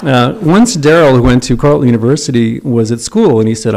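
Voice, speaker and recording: A man's voice: mid-range voice, quick pace, vocal fry, a little mellow, slight background noise. A middle-aged man giving a eulogy for his father, telling wry, self-deprecating stories at a memorial service. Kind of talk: memorial eulogy with humorous anecdotes.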